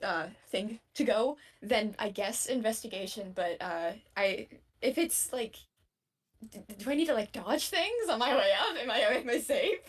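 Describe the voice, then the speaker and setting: A woman from the American South chats through a tabletop game session. Her voice sits a bit high and swings around a lot, and she giggles and stumbles over restarts as she works out her moves. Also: animated, normal speed, slightly rough. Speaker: player. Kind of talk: casual tabletop game play.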